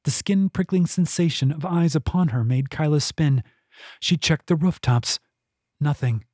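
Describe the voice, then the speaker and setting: Guy reading his own fantasy book, husky voice, fairly high for a man, dry close sound. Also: dry recording. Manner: steady, measured storytelling. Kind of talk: audiobook narration.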